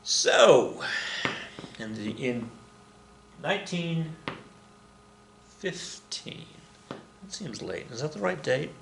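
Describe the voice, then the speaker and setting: A man's voice: on the high side, sing-song, very slow, gravelly, pauses often, slight background noise. A man teaching history in a rambling, joking way, often correcting himself as he goes. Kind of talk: recorded classroom lecture. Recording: roomy echo with faint ambience.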